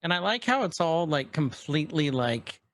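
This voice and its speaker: Slightly high and fairly bright, this podcast co-host's voice swings widely in pitch at a moderate pace. He casually recaps a show episode in a rambling way, loosely quoting characters and leaning on lots of fillers.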